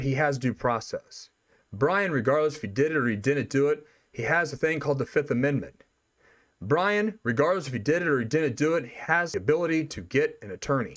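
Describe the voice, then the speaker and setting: A man's voice: fairly high pitch, a bit bright. A man hosting a podcast, arguing his opinions bluntly in a monologue full of swearing. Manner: blunt, heavy swearing, argumentative. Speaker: podcast host.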